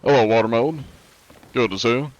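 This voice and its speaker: A man's voice: mid-range voice, brisk, lo-fi sound. A young man streaming live, chatting casually and answering chat with a laid-back, rambling manner, his nose congested from allergies.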